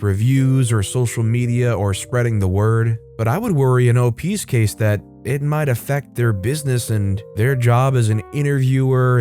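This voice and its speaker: Man reading stories over soft music. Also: mid-range voice. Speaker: story narrator.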